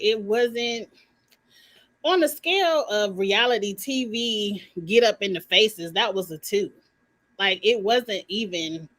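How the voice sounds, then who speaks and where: Woman, reality show reviewer, casual live commentary, blunt, opinionated, fairly high pitch. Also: fairly bright tone. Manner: blunt, opinionated, slangy and swearing; talks straight to her viewers.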